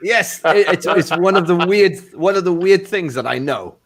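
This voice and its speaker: A man's voice: sits high, expressive, moderate pace, slight background noise. A man chatting on a comedy video call with dry, self-deprecating humor. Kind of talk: casual chat.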